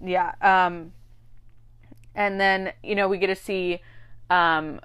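A woman talks casually about a TV series with a friend. She is animated and quick to act out lines from the characters as she tells the story. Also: lowish voice, clear, resonant tone. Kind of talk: casual chat about a TV show.

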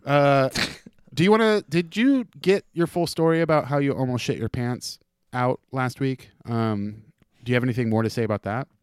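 A man's voice: medium pitch, normal speed, a little mellow, smooth, no echo, studio quality. A man co-hosting a casual podcast, joking and teasing his co-host. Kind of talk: casual chat.

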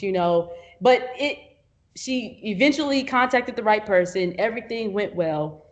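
Animated woman telling a work story. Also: mid-range voice, normal speed. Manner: animated storyteller, acts out quotes, frequent laughs and fillers. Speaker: videographer guest. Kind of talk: casual interview storytelling.

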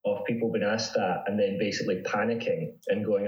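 A man's voice: on the low side, fast talker, roomy sound, over a noisy crowd, poor audio. A man speaking as a psychology researcher guest in a casual interview, chatty with frequent restarts. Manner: chatty, with many restarts and laughs.

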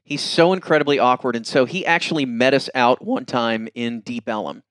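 A man's voice: medium pitch, a little fast, dry recording, clean studio sound. A man, casually telling funny stories on a podcast and acting out what people said. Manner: laughing, animated anecdotes with quoted voices. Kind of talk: casual storytelling chat.

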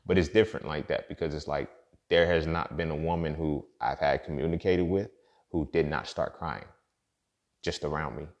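A man's voice: very deep voice, normal speed. A man talking in a casual, profane, preachy monologue, full of fillers and asides as he hosts his podcast. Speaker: podcast host.

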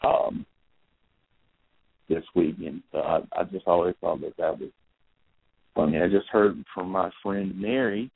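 A podcast host in his thirties rambles through a casual story on his phone, full of fillers and self-corrections. His low, gravelly, slightly rough voice holds a steady tone and moves a little slowly with long pauses, and the tinny, phone-like recording is dry with no echo.

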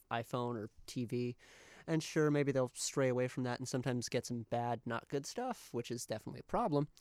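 A man's voice: medium pitch, no echo. A young man co-hosting a podcast, chatting casually and rambling with lots of fillers. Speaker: podcast co-host. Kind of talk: casual chat.

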